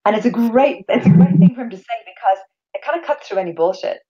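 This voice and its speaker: A woman leading a course, talking in a casual conversation, animated and quick to act out other people's voices, with frequent restarts. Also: fairly high pitch, dull audio. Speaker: course leader and speaker.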